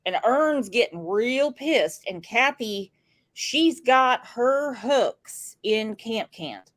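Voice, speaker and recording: A woman's voice: a little high, expressive, drawn-out words. A woman hosting a true crime commentary, talking casually with sarcastic, mocking asides.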